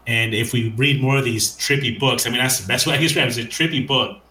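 A man's voice: mid-range voice, fast talker, sharp tone, echoey room, low-quality recording. A man hosting a casual conversation, enthusiastic and rambling, with frequent hesitations.

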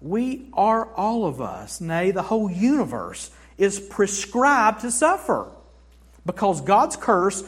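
A male pastor preaching a sermon in a church, swinging between hushed passages and forceful, emphatic declarations. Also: high-pitched, sing-song, takes it slowly, husky.

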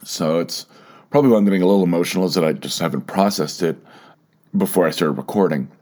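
A man with a very low voice hosts a solo podcast, speaking haltingly and often starting over or repeating himself. He sounds emotional and close to tears as he thinks aloud. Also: darkish tone. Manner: halting, repeats words, fillers, openly emotional. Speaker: podcast host.

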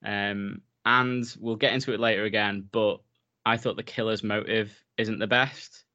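Guy, 30s, low voice, eager and rambling podcast co-host, muffled lo-fi sound. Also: steady tone, normal speed, bright, forceful tone. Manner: enthusiastic, rambling with many fillers. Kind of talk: casual film podcast chat.

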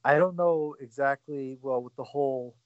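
A man hosting a podcast in casual sports chat, halting with many fillers and restarts. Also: medium pitch, no echo, highs cut off. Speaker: podcast host.

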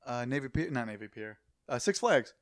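A man's voice: mid-range voice, animated, a little fast, dry recording, clean studio sound. A young man, a podcast co-host, telling a rambling, profane story in casual chat.

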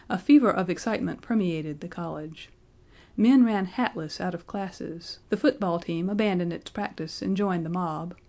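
Low, mellow woman narrating a story. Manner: measured, expressive storytelling. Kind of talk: audiobook narration.

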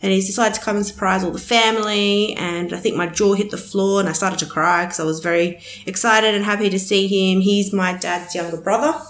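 A woman's voice: mid-range voice, steady tone, fairly quick, few pauses. Chatty woman in a roomy echo. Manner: rambling, swears freely, many fillers. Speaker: podcast host. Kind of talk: casual solo podcast chat.

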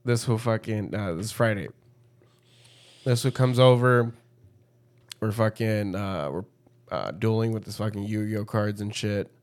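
A man's voice: lowish voice, a little slow, long pauses. A young man telling a long story in casual chat, swearing often and talking with animation.

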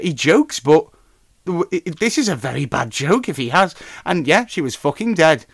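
A man hosting a podcast in casual chat, rambling through news and stories, swearing freely and getting loud and animated when telling an anecdote. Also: a little high, moderate pace, creaky, no echo. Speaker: podcast host.

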